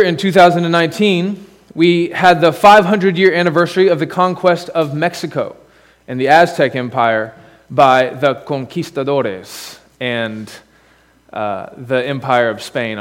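Man preaching in a reverberant church. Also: on the high side. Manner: conversational preaching with asides and rhetorical questions. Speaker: pastor. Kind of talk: sermon. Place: church sanctuary.

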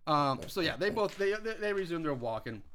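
A man's voice: a little high, very animated, fairly quick, fairly bright tone, a little hiss or hum. A man casually recapping a film plot on a podcast, with lots of fillers and laughs. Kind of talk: casual chat.

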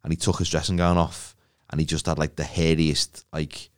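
A man's voice: rumbling low, flat delivery, moderate pace, clear, resonant tone. A man, telling stories with jokes and acting out the voices in a casual podcast chat. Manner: jokey storytelling, acts out quotes. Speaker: podcast co-host.

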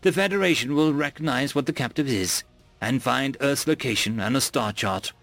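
A man's voice: mid-range voice, moderate pace, fairly bright tone, faint music behind, natural voice. A man voicing a timid female alien envoy from a prey species, who speaks in an apologetic, stammering way in an audiobook. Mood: nervous. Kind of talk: audiobook character voice.

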